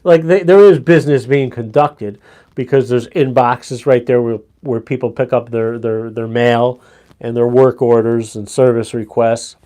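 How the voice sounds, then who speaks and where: This is a middle-aged man chatting casually to viewers on a live stream. His voice sits at an ordinary mid pitch. He tells stories with animation, swears freely and chuckles along the way. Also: steady tone, a little slow, mellow.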